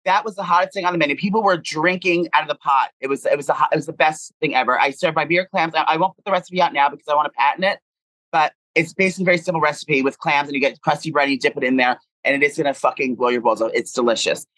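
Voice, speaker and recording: A man co-hosting a podcast in casual chat, animated and rambling with crude humor. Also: fairly high pitch, very fast, no echo, rough recording. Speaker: podcast co-host.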